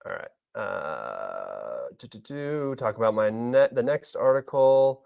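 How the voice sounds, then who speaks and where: A man's voice: lowish voice, sing-song, takes it slowly, creaky, darkish tone. Casual, rambling male streamer. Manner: offhand, rambling and opinionated. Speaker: livestream host. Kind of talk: casual livestream news commentary.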